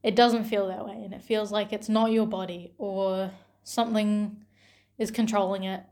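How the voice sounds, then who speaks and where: A young woman talking gently and tenderly to her younger self, with pauses and soft laughs. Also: medium pitch, fairly even intonation. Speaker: vlogger.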